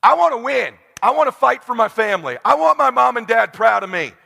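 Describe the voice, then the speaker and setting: A man in his forties giving an intense motivational speech, swinging from hushed talk to shouting. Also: very high-pitched, very animated, a little fast, vocal fry, in a large hall. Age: 40s. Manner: preachy, addresses crowd as brother. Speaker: motivational speaker.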